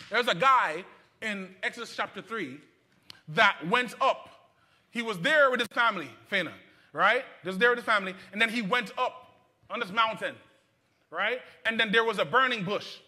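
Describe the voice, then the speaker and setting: Preacher guy, really high voice, super bright sharp tone, keeps repeating himself and calling out to the crowd. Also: animated, moderate pace, pauses often. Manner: repetitive, stumbling restarts, call-and-response with the congregation. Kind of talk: sermon. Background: congregation answering.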